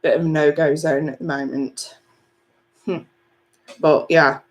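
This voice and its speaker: Slow-talking giggly woman. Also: deep voice, steady tone. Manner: chatty, giggly, swears casually. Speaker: tarot reader. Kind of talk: live-stream chat reading viewer comments.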